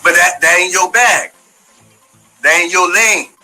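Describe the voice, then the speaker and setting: In an unhurried but pushed, bright high voice, a man who left the community speaks directly to the person he's accusing, cursing heatedly as he lays out his side. The low-quality recording has faint music in the background.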